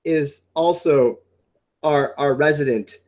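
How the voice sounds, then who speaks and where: Man, livestream host, excitable, rambling, repeats himself, somewhat high voice. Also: slow. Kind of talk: casual livestream chat.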